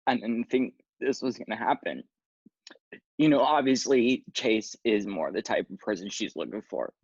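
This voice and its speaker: A man's voice: on the low side, expressive, moderate pace, husky, no room sound. A man playing a weepy, self-pitying jilted young man from a dating show, in mock-tearful lines, on a dull lo-fi recording. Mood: mock-sad.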